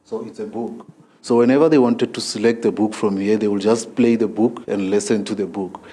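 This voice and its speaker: A man's voice: lowish voice, fairly even intonation, fairly quick, mellow, slightly rough. Man explaining at a library. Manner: plain explanatory, with restarts. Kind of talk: explaining on a field interview.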